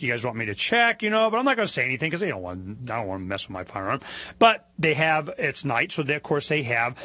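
A man hosting a talk show, telling a story in an animated, indignant rant that climbs in pitch as he gets worked up. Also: no room sound. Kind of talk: opinionated monologue.

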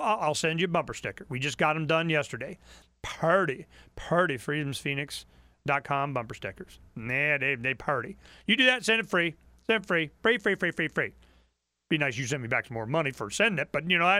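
A man's voice: high voice, sing-song, a little fast, bright, forceful tone, dry recording. A man hosting a call-in talk radio show, ranting fervently and repeating his points. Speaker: talk radio host and website publisher. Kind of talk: impassioned call-in radio monologue.

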